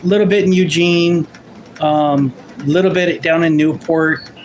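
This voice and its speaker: Here the Portland livestream host and artist speaks at a fairly high pitch with a steady tone and measured pace. He rambles casually with viewers, pokes fun at himself, and keeps restarting sentences, on a rough recording with a little hiss or hum.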